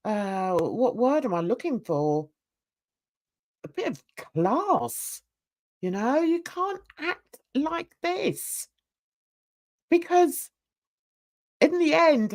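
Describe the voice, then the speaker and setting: A woman's voice: a little high, sing-song, takes it slowly. A woman hosting a drama commentary show, giving emphatic, scornful opinions. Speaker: host.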